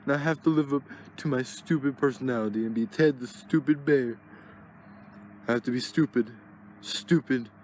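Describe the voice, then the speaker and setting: A man's voice: mid-range voice, moderate pace, a little mellow, a little hiss or hum, lightly acted. A man voicing Ted, a dim-witted, mischievous teddy bear in a plush toy comedy, talking in a frantic, stammering dither. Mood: jittery.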